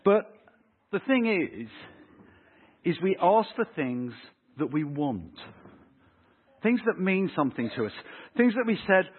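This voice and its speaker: A man preaching a lively sermon, acting out little scenes with family voices. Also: high-pitched, measured pace, pauses often, breathy edge. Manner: animated, acts out voices of kids and parents. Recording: tinny phone-like sound.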